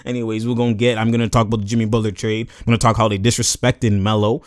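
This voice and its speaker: A young sports commentary vlogger with a lowish, level voice talks at a quick pace in clean studio sound with no room echo. He animatedly breaks down a basketball clip in slang and acts out what the players said.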